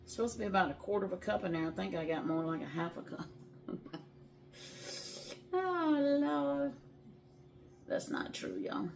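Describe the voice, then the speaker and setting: A woman's voice: mid-range voice, sing-song, moderate pace, gravelly, pauses often, noisy background. A middle-aged woman hosting a home cooking vlog in her kitchen, chatty and folksy, calling her viewers y'all and laughing easily. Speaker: home cooking show host. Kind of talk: casual cooking vlog chat.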